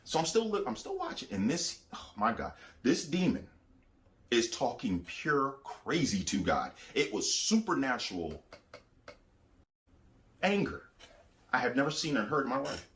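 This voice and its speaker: A man's voice: mid-range voice, very animated, measured pace, long pauses, a bit bright. A man giving a spoken religious testimony, telling his story emphatically and repeating phrases as he acts out the voices he quotes. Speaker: Christian testifier.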